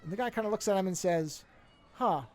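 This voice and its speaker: A man's voice: high voice, rapid-fire, a little mellow, slight background noise. A man co-hosting a podcast, casually retelling a film plot in a rambling way and correcting himself as he goes. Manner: rambling storyteller, corrects himself mid-story. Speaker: podcast co-host.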